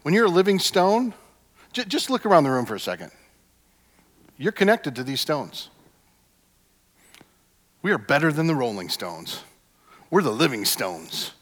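A man preaching a sermon as a pastor, emphatic, with repeated refrains that swing from hushed to loud. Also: fairly high pitch, sing-song, a little slow, long pauses. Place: church sanctuary. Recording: long hall reverb.

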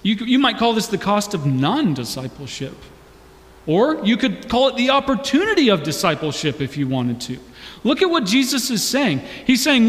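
High-voiced man preaching in a reverberant hall. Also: sing-song, moderate pace. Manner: conversational, with restarts and rising to emphatic calls. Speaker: pastor. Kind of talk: sermon.

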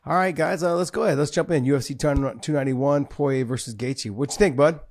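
A man's voice: a little high, brisk, darkish tone, dry recording, clean studio sound. A middle-aged man hosting a podcast, telling rambling stories with laughs in a casual chat. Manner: chatty, laughing, rambling storyteller. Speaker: podcast host.

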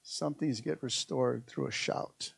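A man's voice: mid-range voice, steady tone, takes it slowly, vocal fry, breathy edge. A man preaching a sermon as pastor, emphatic and repetitive, calling out to his congregation again and again.

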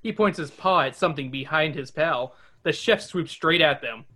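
Reading a children's adventure book on his podcast, this man uses character voices and lively asides. His voice is slightly high, his pace moderate, and he barely pauses.

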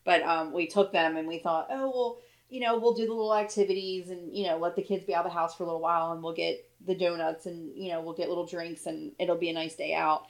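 A woman's voice: on the low side, fairly even intonation, quick pace, rough recording. A woman in her forties co-hosting a casual chat, rambling through family stories and laughing often. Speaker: podcast co-host.

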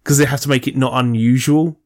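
Male co-host, casual and sweary, rambles through movie trivia, mid-pitched voice. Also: fairly even intonation, quick pace, darkish tone. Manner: rambling, sweary, enthusiastic about film trivia. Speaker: podcast co-host. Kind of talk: casual chat.

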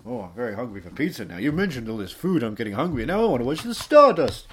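A man's voice: mid-range voice, very animated, quick pace, slight background noise, lightly acted. A man putting on a pompous, vain actor. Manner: theatrical, grandiose, laughing at himself. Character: pompous vain male actor, self-important.

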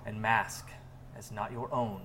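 A man narrating as game master of a tabletop game, slow and deliberate with dramatic pacing. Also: lowish voice, steady tone, bright, forceful tone, a little hiss or hum. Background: music.

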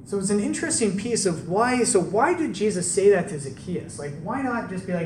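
A man's voice: high-pitched, very animated, a little fast. A man preaching a sermon, telling stories in a conversational way and asking rhetorical questions. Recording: roomy, distant mic with faint background noise.

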